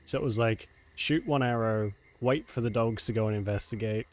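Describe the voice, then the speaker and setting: A man's voice: on the low side, normal speed. A man chatting casually while streaming a game live. He laughs often and keeps saying meow. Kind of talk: casual live gameplay chat.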